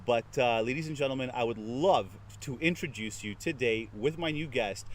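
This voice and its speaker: Male interview host, mid pitch, wordy and formal, recorded outdoors with faint traffic noise. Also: normal speed. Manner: formal, wordy, repeats "ladies and gentlemen". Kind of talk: casual interview.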